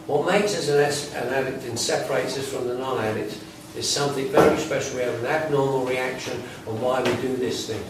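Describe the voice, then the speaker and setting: A man's voice: medium pitch, steady tone, brisk. A man giving a blunt, conversational talk to a recovery group, with laughs and asides mixed in. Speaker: recovery workshop speaker. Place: workshop meeting room. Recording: very echoey room, mic far off, faint noise.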